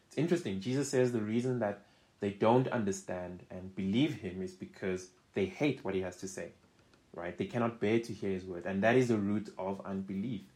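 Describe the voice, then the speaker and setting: Leading a Bible study, a man reads scripture aloud with mounting emphasis, keeping things conversational and frequently checking in with "right?". His voice is lowish and darkish, at a moderate pace.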